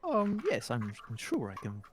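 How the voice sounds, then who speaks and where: A man voicing a warm, kindly older woman barkeep who calls everyone dear and darling. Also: medium pitch, wildly swooping pitch, moderate pace, slight background noise. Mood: sweet. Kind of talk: tabletop role-play voice acting.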